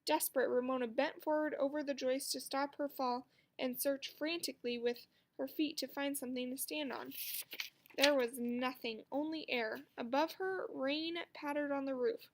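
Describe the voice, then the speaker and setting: A woman reading a children's book aloud with expressive storytelling. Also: high-pitched, moderate pace, slight background noise. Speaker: narrator.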